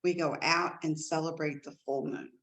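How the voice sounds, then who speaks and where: A woman co-hosting a casual chat show, telling stories in an animated way with big jumps in pitch. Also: normal speed, poor audio. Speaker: co-host.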